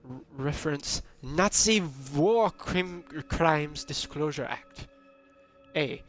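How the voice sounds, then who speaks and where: Chatty young man, slightly high voice. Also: lively intonation, slow pace, fairly bright tone, soft background music. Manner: chatty and jokey, talking to himself. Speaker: gaming video creator. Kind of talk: casual let's-play commentary.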